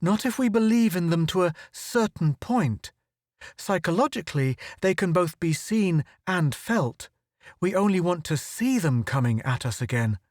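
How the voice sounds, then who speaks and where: A man reading aloud puts on a tense young space reporter, pitched noticeably higher than the narration and pushing hard to be heard. He sounds urgent and commanding, and the voice sits close and dry with no room around it. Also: animated, a little slow, a little mellow, no room sound. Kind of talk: audiobook character reading.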